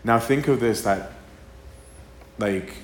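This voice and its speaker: Low-voiced priest giving a chatty talk in an echoey room. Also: male voice, slow pace, slight background noise. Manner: conversational, acts out quoted dialogue, frequent "right?". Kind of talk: casual sermon talk. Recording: roomy live talk with faint ambience.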